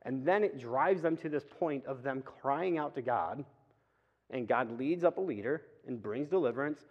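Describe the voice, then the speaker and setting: A man giving a casual, conversational sermon in church, with quick asides. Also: medium pitch, animated. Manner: chatty, acts out quick asides and voices. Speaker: preacher. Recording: reverberant hall, dull lo-fi sound.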